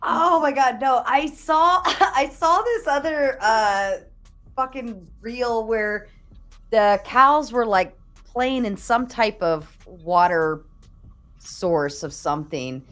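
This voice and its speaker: A woman's voice: a little high, slow pace, a bit bright. A woman hosting a live stream in casual chat, laughing often and swearing freely as she tells stories. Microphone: streaming setup.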